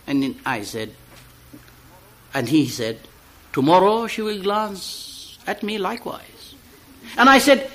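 Man, poetry reader; expressive delivery, lively pitch, unhurried pace. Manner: slow, rising to loud high emphatic peaks.

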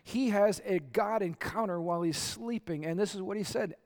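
A man preaching a sermon, conversational and animated, acting out quotes and asking the crowd questions. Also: high voice, moderate pace, hardly any pauses. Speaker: pastor.

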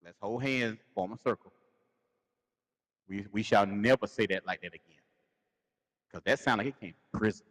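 A man co-hosting a casual podcast with a Southern US accent, telling stories in an animated way and acting out quotes. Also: fairly low pitch, normal speed, pauses often, in a large hall. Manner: animated storytelling, acts out quotes. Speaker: podcast co-host. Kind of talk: casual chat.

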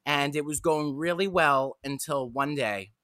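A young woman telling a candid, self-deprecating story on a podcast, animated and quick to joke at her own expense. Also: sits low, dry recording. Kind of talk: casual storytelling chat.

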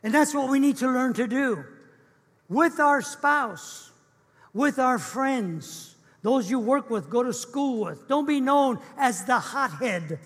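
A man's voice: very high voice, expressive, takes it slowly. A man preaching a sermon as pastor in an earnest, emphatic, repetitive way. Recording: echoey church hall.

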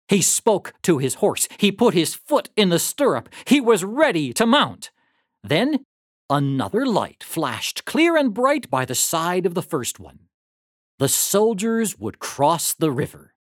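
A narrator reading a historical story aloud in a dramatic, animated read-aloud manner. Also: medium pitch, slow, no room sound, studio quality.

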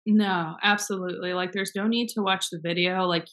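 A woman's voice: lowish voice, steady tone, fairly quick, a bit bright. A young woman co-hosting a casual chat, talking frankly and rambling, with plenty of swearing.

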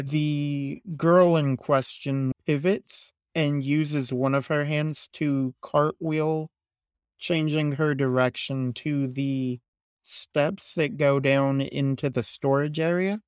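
Role: game master. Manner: slow, measured narration. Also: male voice, mid-range voice, clear, resonant tone, no room sound.

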